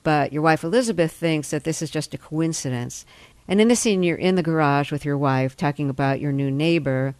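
A woman interviewing an actor, asking measured, precise questions. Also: low voice, darkish tone, no echo.

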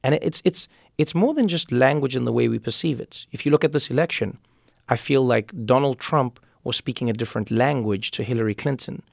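A man from Africa, a comedian giving thoughtful, animated interview answers in his thirties. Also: medium pitch, a little fast, gravelly, no echo, clean studio sound. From South Africa. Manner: thoughtful, animated, frequent restarts. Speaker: comedian and talk show host as guest. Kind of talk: reflective conversational interview answers.

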